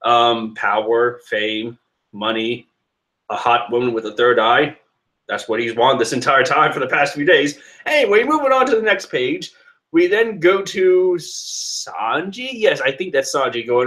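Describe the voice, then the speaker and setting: A man's voice: mid-range voice, a little slow, fairly bright tone. A man casually reading through a comic chapter aloud, joking and sarcastic with frequent laughs. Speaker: manga reader commentator.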